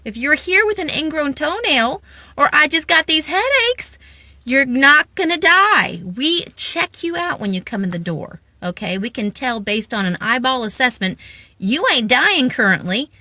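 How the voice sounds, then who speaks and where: A woman's voice: sits high, expressive, moderate pace, sharp tone, dry recording. A tired woman emergency room nurse, giving blunt, exasperated advice in an after-work vlog. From Pensacola, Florida.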